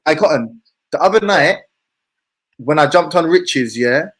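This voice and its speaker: A man's voice: fairly high pitch, lively intonation, unhurried, fairly bright tone. A man in heated casual banter, protesting and repeating himself.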